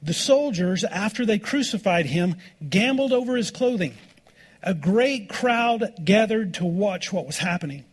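A male pastor delivering a sermon, reading scripture aloud and slowing down to stress key words. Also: high voice, lively intonation, slightly rough. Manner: slows down for emphasis, reads scripture aloud.

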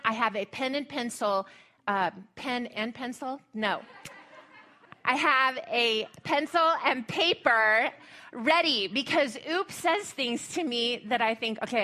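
Bright-voiced woman pastor preaching. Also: fairly high pitch. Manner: chatty, humorous preaching with scripture reading. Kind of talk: sermon.

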